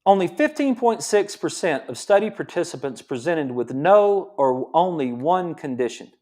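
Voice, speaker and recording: Fired-up man, high-pitched, coaching-style health talk, repeats lines for emphasis. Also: normal speed. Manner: excited, repeats himself, uses football coaching comparisons. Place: his gym.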